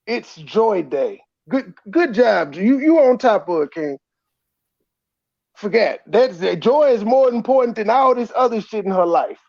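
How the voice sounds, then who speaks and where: A man's voice: high-pitched, animated, normal speed, gravelly, a little mellow. A man co-hosting an online show, sarcastic and mocking, swearing as he chats heatedly. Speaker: co-host. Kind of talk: heated casual commentary. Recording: dull lo-fi sound.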